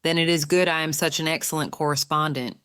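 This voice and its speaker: A woman voicing a stern, protective young gentleman in an audiobook; his lines are grave and clipped and easily affronted. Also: on the high side, fairly even intonation, quick pace, clear, resonant tone, no room sound, clean studio sound. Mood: wry. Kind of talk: audiobook character reading.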